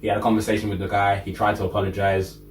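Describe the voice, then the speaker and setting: A young man co-hosting a casual podcast, telling a personal story in a relaxed, building way. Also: on the low side, racing, faint music behind. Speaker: podcast co-host. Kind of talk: casual chat. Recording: echoey room, mic at a distance, faint noise.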